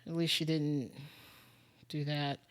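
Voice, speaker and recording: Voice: medium pitch, flat delivery, slow, clear, resonant tone. A streamer thinking aloud during a casual live-stream game commentary, muttering and musing with lots of fillers.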